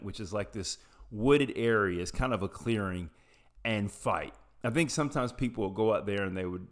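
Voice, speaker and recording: A young adult man from Appalachia telling a personal story in a casual, rambling, profane way, with frequent tangents. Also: lowish voice.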